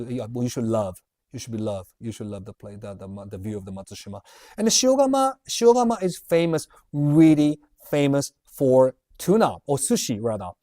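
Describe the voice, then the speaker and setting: A man's voice: mid-range voice, mellow. Chatty man hosting a livestream Q&A. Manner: chatty, rambling, reads viewer questions aloud and laughs. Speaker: livestream host answering viewer questions. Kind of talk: casual livestream Q&A.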